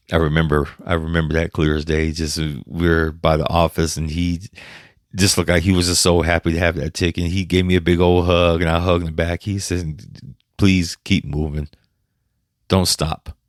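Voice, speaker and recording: A man with a very deep, low voice that stays flat and level, sounding dry and close with no room around it. He talks as a podcast host sharing a personal story, halting and emotional, stopping and restarting and swearing now and then. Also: no room sound.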